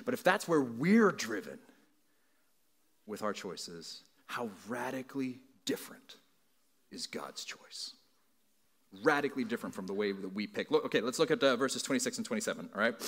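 A man's voice: medium pitch, a bit bright. A man preaching a sermon as pastor, earnest and conversational, building emphasis through repeated phrases and frequent asides to the congregation.

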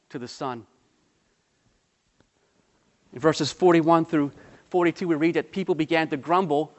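High-voiced pastor preaching in an echoing hall. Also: male voice. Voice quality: emphatic, asks the congregation rhetorical questions. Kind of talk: sermon.

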